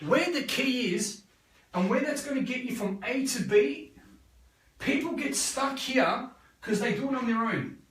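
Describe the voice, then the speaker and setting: A high-pitched Australian man coaching his audience in a live motivational session. He talks energetically and rambles, repeating points and tossing out quick tag questions. His voice sounds distant from the mic in an echoey room. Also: animated, a bit bright. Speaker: life coach.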